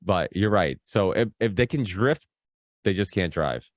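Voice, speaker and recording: A man's voice: deep voice, expressive, measured pace, dry recording. A man hosting a podcast in casual, rambling chat, full of restarts and fillers and freely swearing. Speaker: podcast host.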